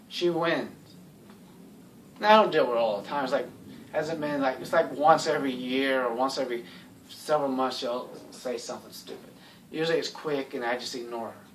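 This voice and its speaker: A man's voice: mid-range voice, fairly bright tone, recorded from a distance, slight background noise. A man talking in a casual, rambling monologue, blunt and sarcastic, with lots of "you know" fillers. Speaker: YouTube commentator.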